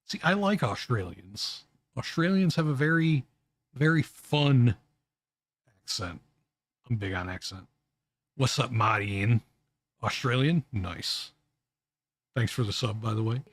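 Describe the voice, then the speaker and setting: Husky-voiced man reacting to videos. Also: mid-range voice, expressive, no room sound. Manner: halting, restarts words often, chuckles. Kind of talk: casual live reaction commentary.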